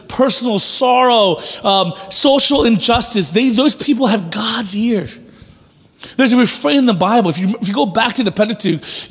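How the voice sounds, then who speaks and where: Male pastor, sermon, fairly high husky voice, conversational and animated, long hall reverb. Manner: conversational, animated preaching with acted-out asides.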